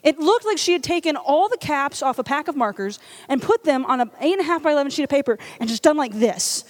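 A woman from Louisiana tells a funny story as part of a church talk, chatty and self-mocking. Her voice is high and swings widely in pitch. She fills her speech with casual "like"s. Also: quick pace. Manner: animated, self-deprecating, chatty with many "like"s. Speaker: church speaker. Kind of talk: comedic storytelling sermon.

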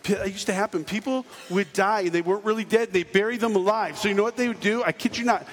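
A middle-aged man giving a comedic sermon, telling stories and acting out voices with lots of energy. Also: high-pitched. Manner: animated, acts out voices and jokes. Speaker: preacher. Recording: hall reverb, faint noise.

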